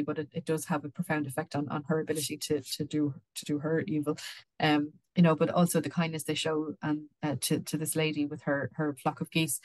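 In a casual book discussion that includes read-aloud passages, a podcast co-host speaks in a low voice with a darkish tone and no echo. She restarts often and repeats words as she talks.

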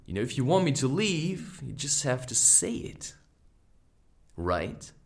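A man in his thirties talks through a personal story on his podcast. His pitch rises and falls a lot as he speaks. He sounds reflective and candid, often pausing for small asides. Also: sing-song. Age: 30s. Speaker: podcast host.

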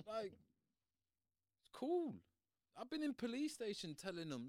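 A young man chats casually and spins stories, bouncing all over his range. He speaks in a fairly high voice and slips into quoted voices. The room is dry and close. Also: measured pace, long pauses, dry recording. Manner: animated storytelling with slang, acting out quotes. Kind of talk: casual chat.

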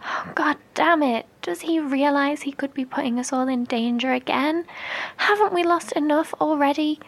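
A woman's voice: high voice, moderate pace. A woman playing an anxious bunker survivor in a horror audio drama.

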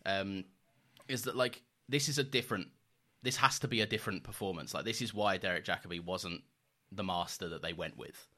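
A man's voice: low-pitched, a little fast, pushed and bright. A man co-hosting a casual podcast, swearing freely and laughing often as he talks. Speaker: podcast co-host. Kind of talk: casual chat.

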